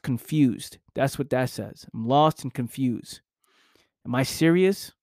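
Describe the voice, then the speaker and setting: Young guy ranting motivational stuff, swears a lot, repeats himself, kinda high voice. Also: no echo, studio quality. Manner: intense, repetitive, profane, rhetorical questions. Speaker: motivational speaker. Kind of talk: motivational monologue.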